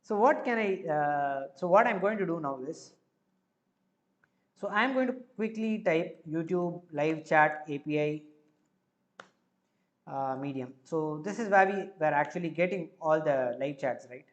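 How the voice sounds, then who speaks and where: A man with an Indian accent, hosting a live coding stream, who explains each step as he goes and fills pauses with frequent filler words. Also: a little high, expressive, dull audio.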